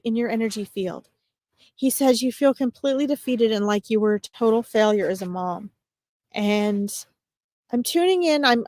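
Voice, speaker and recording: A woman giving a live-streamed psychic reading as a medium, talking in a gentle, reassuring way with frequent pauses and fillers. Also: on the high side, no room sound, clean studio sound. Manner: gentle, reassuring address to viewers.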